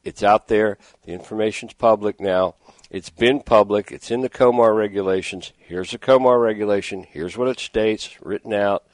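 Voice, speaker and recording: Rambling radio host, low voice. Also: male voice, moderate pace, dry recording. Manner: rambling, exasperated storytelling. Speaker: radio fishing show host. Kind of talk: casual radio talk. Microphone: studio microphone with headphones.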